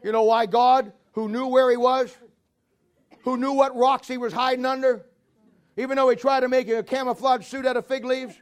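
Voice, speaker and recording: At a moderate pace and in a very high voice, a man preaches a lively, humorous sermon. He tells folksy stories, chuckles at his own jokes, and acts out the voices of the people in them.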